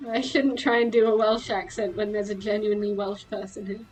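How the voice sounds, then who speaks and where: A woman streaming a game, chatting casually in an excitable, giggly way with quick exclamations. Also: medium pitch, faint music behind, low-quality recording. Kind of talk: casual gameplay chat.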